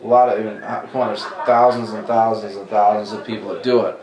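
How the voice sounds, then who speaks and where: Animated man in his forties telling stories. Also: lowish voice, fast talker, highs cut off, a crowd in the background. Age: 40s. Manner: animated, acts out quoted dialogue. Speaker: comedy club talent coordinator. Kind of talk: casual interview storytelling. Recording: echoey room, mic at a distance.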